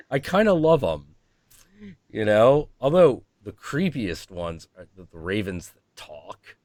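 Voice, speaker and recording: A man's voice: on the low side, sing-song, unhurried, darkish tone. Casual streamer guy, swears a lot, does goofy animal voices, very up and down. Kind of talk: casual chat.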